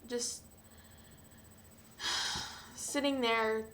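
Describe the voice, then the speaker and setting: A young woman talking hesitantly and emotionally to camera, with frequent sighs and pauses. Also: on the high side, fairly even intonation, sharp tone, a little hiss or hum. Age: young adult. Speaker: vlogger. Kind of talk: personal confessional vlog.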